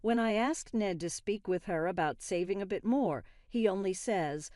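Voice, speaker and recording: A woman narrating a first-person family story in a steady, scripted way. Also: medium pitch, moderate pace, hardly any pauses, dry recording, studio quality.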